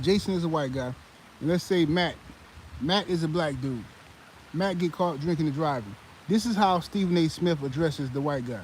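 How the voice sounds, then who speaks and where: Man, live-stream sports commentary, animated, lots of uh's, somewhat high pitch. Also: a little hiss or hum, low-quality recording. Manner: animated, heated, many fillers and restarts. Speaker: sports commentary channel host.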